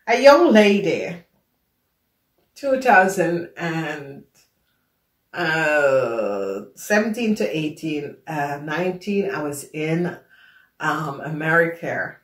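A woman's voice: low-pitched, animated, slow, long pauses. Emphatic woman. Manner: emphatic, repeats phrases for stress. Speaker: tarot reader. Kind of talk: casual storytelling monologue. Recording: echoey room.

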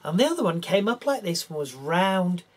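A man telling a children's story, his voice husky and a little breathy. He swoops up and down in pitch and keeps the telling lively. He speaks straight to the children listening. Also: normal speed. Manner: animated, talks straight to the children.

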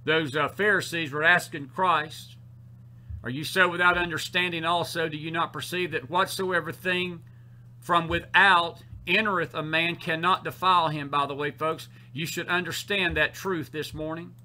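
Bright, high-voiced Southern preacher man. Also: fairly even intonation, moderate pace. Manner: emphatic, repeats key phrases; sarcastic asides to the congregation. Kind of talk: sermon.

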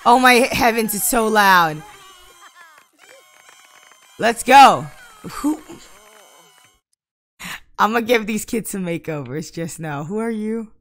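A woman talks through a life-sim game in casual Let's Play commentary. Her voice is bright and forceful, and her speech is slow and drawn out. She gets exasperated and bursts into loud outbursts. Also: mid-range voice. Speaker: gaming YouTuber.

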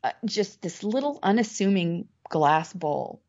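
A woman guest in a podcast interview, telling her story in a lively, excited way. Her pitch sits in the middle for a woman. The recording sounds a little dull and muffled. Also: a little slow. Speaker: podcast guest, temari artist. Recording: slightly muffled podcast audio.

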